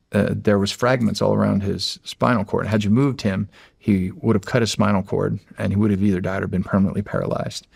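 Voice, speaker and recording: A middle-aged man from the United States, a former Navy SEAL, telling a story in a casual, halting way with many restarts. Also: lowish voice, no echo, studio quality. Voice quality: gravelly, husky voice.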